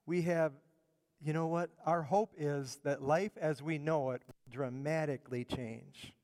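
Middle-aged male pastor, conversational sermon delivery, smooth resonant voice slightly high for a man, long church reverb. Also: fairly even intonation, measured pace, darkish tone. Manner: conversational preaching, repeats words while building points. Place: church sanctuary.

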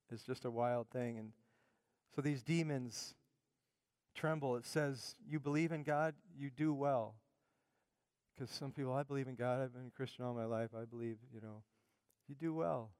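A middle-aged male pastor preaching a sermon with fervent emphasis, easing into quiet personal asides. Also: medium pitch, no room sound, big-room sound.

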